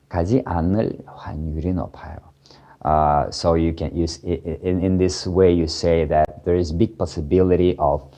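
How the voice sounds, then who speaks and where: Man, very low pitch, dark mellow tone, casual grammar teacher, halting delivery with quick example bursts. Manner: halting, many fillers and restarts, switching into quick Korean examples. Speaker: Korean language teacher. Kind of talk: casual explanatory lesson.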